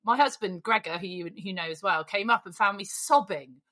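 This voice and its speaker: A woman's voice: medium pitch, lively intonation, a little fast, bright, forceful tone. A British woman hosting a podcast, effusive and emotional, chatting casually with the odd swear word. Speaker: podcast host. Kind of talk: casual chat.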